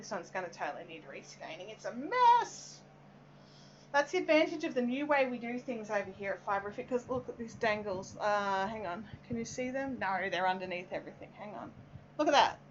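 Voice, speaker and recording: Speaking fairly quickly and expressively at medium pitch, an Australian woman hosts a relaxed live craft stream, working while she rambles, reads viewer comments aloud and fills gaps with plenty of "um"s. The highs are cut off and there's a slight hiss or hum.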